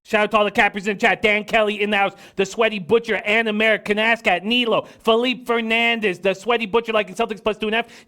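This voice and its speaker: A man with a high, smooth, crisp voice hosts a live sports betting show. He rattles off viewers' names and picks with animated, mock-angry energy. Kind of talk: live-stream betting chat.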